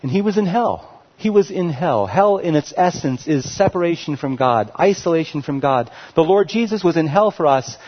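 Preacher guy, fairly high voice swinging all over, passionate, big hall echo, kinda dull lo-fi sound. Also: lively intonation, moderate pace. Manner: passionate, swells loud on key words then drops low. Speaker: pastor. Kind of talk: sermon.

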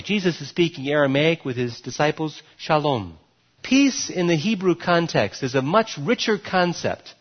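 Male pastor, sermon delivery, higher voice, dull lo-fi recording. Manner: lively preaching with emphatic rises and soft drops.

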